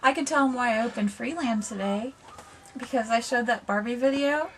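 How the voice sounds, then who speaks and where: A woman's voice: fairly high pitch, normal speed, slight background noise. A woman hosting a casual home vlog, rambling and playfully bossy as she chats. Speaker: vlog host. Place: home room with ambient noise.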